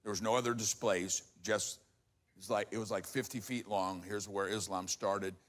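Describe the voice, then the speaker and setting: A man with a low voice hosts the interview as a pastor. He answers the guest with short exclamations and puts his own questions in a long, rambling way. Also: fairly even intonation, moderate pace. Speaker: pastor and host. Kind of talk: interview hosting.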